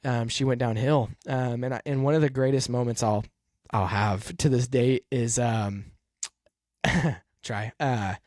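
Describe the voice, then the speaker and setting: A man with a mid-range voice tells a personal story in a halting, soft-spoken way, full of pauses and fillers. He sounds earnest and emotional. The recording is dry and close, with no room sound. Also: medium pitch, fairly even intonation, dry recording. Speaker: podcast host and race car driver.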